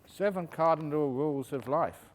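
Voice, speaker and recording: A man, a meditation teacher, answering questions at a retreat in a jokey, animated storytelling manner. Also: a little high, normal speed, a little hiss or hum. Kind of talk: retreat Q&A talk. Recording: reverberant hall.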